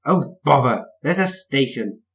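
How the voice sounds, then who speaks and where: A man reading a storybook aloud and voicing a cheeky, eager little male tank engine in a raised, excitable voice. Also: mid-range voice, measured pace, gravelly, pitched above the performer's own voice. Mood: excited.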